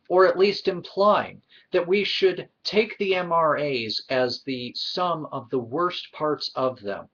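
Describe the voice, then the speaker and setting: A man's voice: on the high side, slightly rough. A man vlogger delivering a heated, indignant opinion rant to camera, emphatic and frustrated. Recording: dull lo-fi recording.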